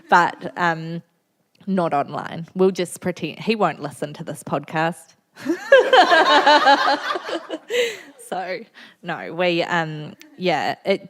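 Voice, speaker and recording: New Zealand woman in her thirties, author guest, candid and laughing, lowish voice. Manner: candid, funny storytelling with frequent laughter. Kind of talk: festival stage talk. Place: festival venue before an audience.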